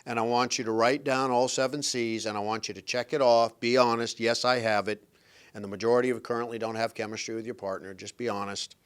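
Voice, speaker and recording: A man's voice: mid-range voice, steady tone, fast, clean tone. A middle-aged man hosting a podcast, giving relationship advice in an emphatic, blunt, preachy motivational monologue. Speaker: podcast host and relationship coach.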